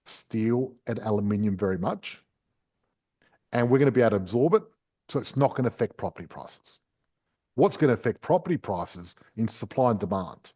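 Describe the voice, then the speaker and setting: A man's voice: medium pitch, a little mellow, slightly rough. A man hosting a property podcast, explaining investing step by step in a chatty, casual way. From Australia.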